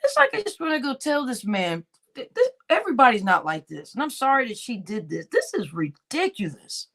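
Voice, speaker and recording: A woman's voice: fairly high pitch, huge pitch swings, a little fast, fairly bright tone. A woman hosting a livestream reaction show, talking indignantly and mockingly in casual commentary. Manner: indignant, mocking, repeats lines with laughter.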